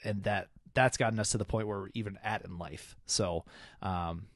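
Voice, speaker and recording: A young man co-hosting a casual podcast, musing in rambling, halting sentences before asking a question. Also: fairly low pitch, steady tone, no echo, clean studio sound. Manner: rambling, halting, many restarts. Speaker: podcast co-host.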